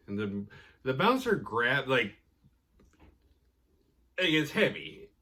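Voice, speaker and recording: A man hosting a podcast, casually retelling a horror episode with profanity and quick acted-out quotes. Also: mid-range voice, big pitch swings, sharp tone, slightly rough. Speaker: podcast host recapping episodes. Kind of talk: casual recap chat.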